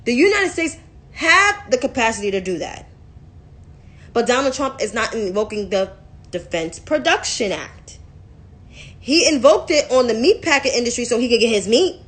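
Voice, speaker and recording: A woman's voice: fairly high pitch, sing-song, normal speed, a bit bright. A young woman giving blunt, profane, exasperated commentary in a casual vlog. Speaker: political commentator.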